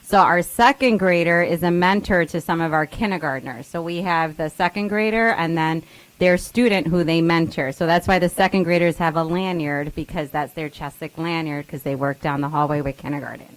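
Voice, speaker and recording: A woman's voice: low-pitched, brisk, low-quality recording. A woman teacher explaining a student mentoring program to a school board meeting.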